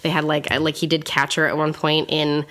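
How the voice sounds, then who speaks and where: A young woman casually recapping a film on a podcast, swearing freely and acting out the characters' lines in quick asides. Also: deep voice, little pitch movement, fairly bright tone. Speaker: podcast co-host.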